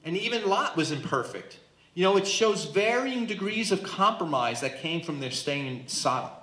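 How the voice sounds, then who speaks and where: A man's voice: high voice, very animated, moderate pace, a bit bright. A man leading a Bible study in a church, teaching emphatically and often checking in with listeners. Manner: emphatic, asks listeners questions. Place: church room. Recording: roomy echo.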